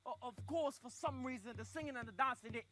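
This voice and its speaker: Guy spinning a yarn, bright sharp voice, goes hushed then loud. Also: extremely high pitch, quick pace. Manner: chatty, animated, drops to hushed asides, bursts into loud outbursts. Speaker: storyteller. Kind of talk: performed comic storytelling.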